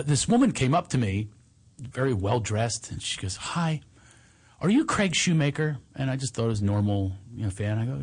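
A man chatting casually, an animated storyteller who laughs often as he talks. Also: medium pitch, creaky, husky. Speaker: storytelling guest. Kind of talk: casual chat.

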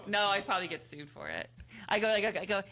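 A man hosting a talk show in casual chat, animated and giggly, quick to tease. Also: sits high, vocal fry, heavy background noise.

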